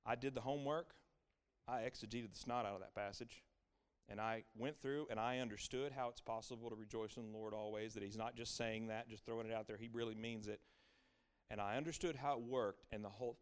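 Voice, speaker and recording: The sermon comes from a middle-aged pastor whose medium-pitched voice sounds clear and resonant. He drives his points home through emphatic repetition, alternating hushed passages with loud, exclaiming highs.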